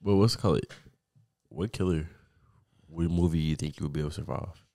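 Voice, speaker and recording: A man's voice: extremely low pitch, a little fast, mellow, no room sound, studio quality. A young man hosting a podcast, teasing his co-host in crude, joking banter. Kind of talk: casual chat.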